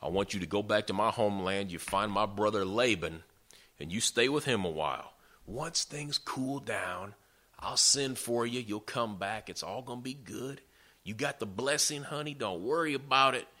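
A man's voice: fairly low pitch, brisk, fairly bright tone, lightly acted. A man voicing a scheming mother who coaxes and reassures her son in a sermon retelling. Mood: coaxing. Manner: coaxing, reassuring.

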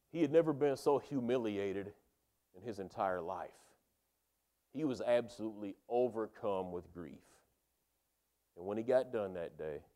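A man's voice: mid-range voice, a little mellow. A man preaching, retelling a Bible story in a chatty, slangy way.

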